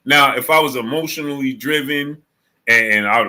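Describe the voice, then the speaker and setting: A man talks to his live-stream audience in a bright, forceful voice with speech. He tells stories with energy, acting out what his friend said, then greets viewers in the chat one by one. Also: mid-range voice, moderate pace. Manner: animated storytelling, acts out friend's quotes. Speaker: sports channel host.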